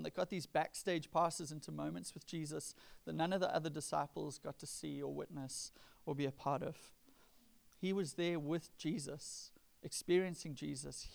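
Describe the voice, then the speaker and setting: Gravelly-voiced man preaching conversationally. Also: on the high side, darkish tone. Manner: conversational preaching, acts out quoted lines with rising emphasis. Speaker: pastor. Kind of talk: sermon.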